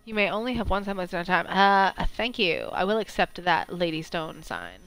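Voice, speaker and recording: A woman streaming a video game, chatting excitably and talking back to what happens on screen. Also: lowish voice, fairly quick, creaky, smooth. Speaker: gameplay streamer. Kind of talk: live let's-play commentary.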